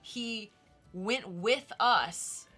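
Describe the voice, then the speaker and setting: Bright-voiced woman telling a story. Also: on the high side, extremely slow, soft background music. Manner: animated, acts out quoted dialogue. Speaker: co-host. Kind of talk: casual storytelling chat.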